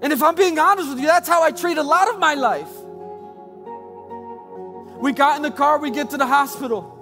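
High-voiced impassioned male preacher. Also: normal speed, pushed and bright, soft background music. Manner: impassioned, repetitive preaching cadence. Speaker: pastor. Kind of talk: sermon.

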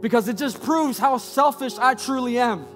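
A man's voice: very high voice, normal speed, fairly bright tone, soft background music. A man preaching a sermon as a pastor, building passionate, repetitive cadences.

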